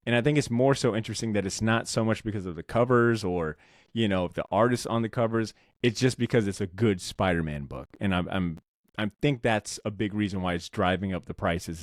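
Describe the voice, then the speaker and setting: A man co-hosting a comics podcast, talking in a rambling, animated way with lots of fillers and casual swearing. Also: lowish voice, no room sound, clean studio sound. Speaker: podcast co-host. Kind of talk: casual chat about comics.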